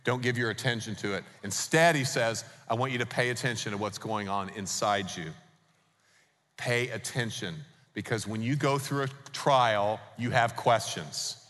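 A man's voice: mid-range voice, normal speed, fairly bright tone. A man preaching a sermon as pastor, emphatic and putting rhetorical questions to the congregation. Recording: long reverb of a large hall.

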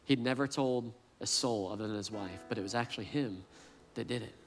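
A man's voice: on the low side, fairly quick, soft background music. A man preaching a sermon as pastor, earnest and often repeating words as he restarts a thought. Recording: long reverb, as in a large hall.

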